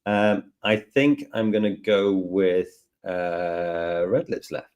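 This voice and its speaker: Guy running a live tutorial, low voice, rambling and joking as he clicks through. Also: steady tone, slow pace, a little mellow. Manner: chatty, joking, thinking aloud. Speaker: tutorial host.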